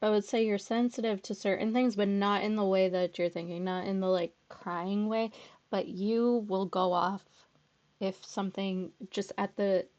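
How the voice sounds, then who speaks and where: A woman's voice: medium pitch, steady tone, moderate pace, darkish tone. A woman giving blunt, sarcastic reaction commentary, swearing freely. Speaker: commentary YouTuber. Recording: dull muffled audio from headphone capture.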